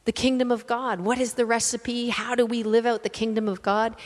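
High-voiced woman preaching in a hall. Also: a little fast. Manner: animated, laughing storyteller with self-deprecating asides. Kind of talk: sermon storytelling. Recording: long hall reverb.

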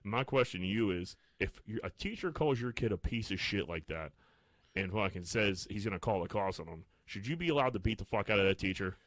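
Casting: low male voice, rapid, profane podcast banter, dry close mic. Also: no echo. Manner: profane, animated storytelling. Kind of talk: casual chat.

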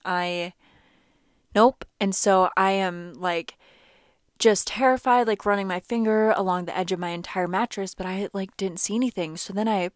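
A woman's voice: mid-range voice, normal speed, no echo, clean studio sound. A young woman vlogger telling a personal story in a chatty, casual way, full of "like" fillers. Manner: chatty, animated, many "like" fillers.

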